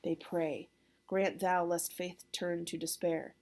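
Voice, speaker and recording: A woman's voice: on the low side, level tone, slow pace, a little mellow. A woman reading a lovestruck young man. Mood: earnest.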